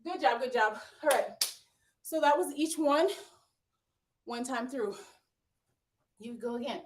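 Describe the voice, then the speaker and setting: Breathless high-voiced woman coaching a workout. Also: slow, noisy background. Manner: upbeat, cheering and counting down. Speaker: fitness instructor. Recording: echoey room from far off.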